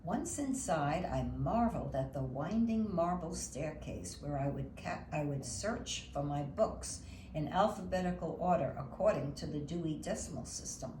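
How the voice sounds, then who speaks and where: An older woman from Brooklyn reading her childhood memoir aloud in a gentle, reminiscing way. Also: low voice, lively intonation, normal speed. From Brooklyn, New York. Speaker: memoir narrator. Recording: roomy echo, faint background noise.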